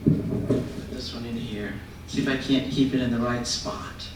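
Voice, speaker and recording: A woman's voice: very deep voice, steady tone, a little slow, heavy background noise. A woman storyteller addressing an audience, making friendly, practical announcements. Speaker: storyteller and performer. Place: retirement residence common room. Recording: echoey room, mic far off.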